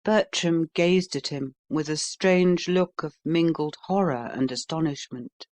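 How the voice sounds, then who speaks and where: An audiobook narrator reading a novel in a steady storytelling manner. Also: mid-range voice, measured pace.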